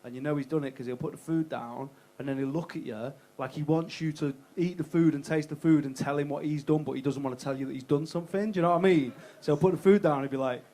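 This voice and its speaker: A young comedian works a club crowd on a handheld mic, cheeky and foul-mouthed. His voice sits a touch high for a man. Faint noise runs under the set. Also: dark tone. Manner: cheeky, swearing, fast crowd banter. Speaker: stand-up comedian. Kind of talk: stand-up set with crowd work.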